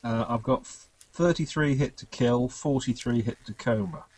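A man's voice: mid-range voice, normal speed, a little mellow, poor audio. A man playing a tabletop game, making dry, wry remarks in casual chat. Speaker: player.

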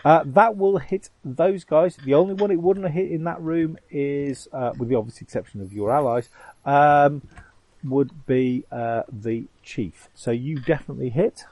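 A man's voice: fairly high pitch, a little mellow, no room sound, low-quality recording. A man running a tabletop game as game master, hesitant and full of ums as he describes the combat. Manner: halting, full of ums and uhs.

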